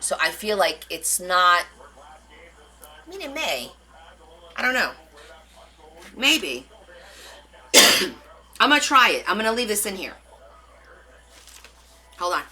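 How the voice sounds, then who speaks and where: A woman's voice: medium pitch, big pitch swings, a little slow, long pauses, sharp tone, poor audio. A woman hosting a live craft stream, chatting casually with her viewers and answering their comments as she demonstrates. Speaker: craft livestream host.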